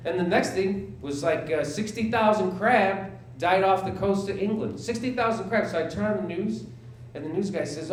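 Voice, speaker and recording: A man's voice: high voice, normal speed, a little hiss or hum. A man in his forties doing a stand-up comedy set on a theater stage, sarcastic and incredulous, acting out dialogue in mock voices. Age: 40s. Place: small theater stage with a live audience. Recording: roomy live theater sound with audience laughter.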